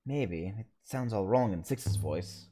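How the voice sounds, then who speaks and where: A man streaming a story game, reading the lines of several characters aloud and slowly sounding out invented words. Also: lowish voice, lively intonation, warm tone, breathy edge.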